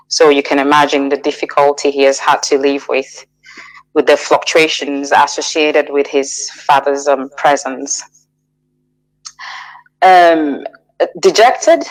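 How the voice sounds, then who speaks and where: A middle-aged woman as a radio interview guest, giving a measured, hesitant personal account with frequent restarts and fillers. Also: deep voice, rough recording.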